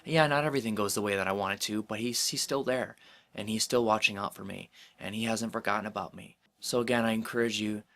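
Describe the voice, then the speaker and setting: Male Christian vlogger, bright and forceful tone, lowish pitch, loose encouraging talk full of fillers. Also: steady tone, quick pace. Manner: rambling, many fillers, earnest and encouraging. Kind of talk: casual devotional talk to camera.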